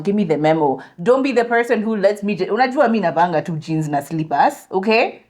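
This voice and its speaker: Animated woman podcaster. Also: medium pitch, fairly quick. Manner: animated, mixes English and Swahili. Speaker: podcast co-host. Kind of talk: casual chat.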